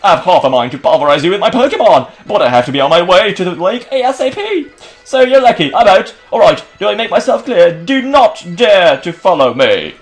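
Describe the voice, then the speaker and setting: A man's voice: high voice, big pitch swings, brisk, faint music behind, voice pushed up. A man voicing a cocky male villain grunt in a put-on British-sounding accent, rude and brash. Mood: taunting.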